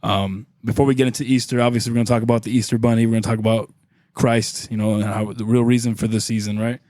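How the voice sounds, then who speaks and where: A man's voice: lowish voice, flat delivery, quick pace, a little mellow, no echo, studio quality. A man hosting a casual podcast chat, upbeat and joking, laughing often between lines. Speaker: podcast host.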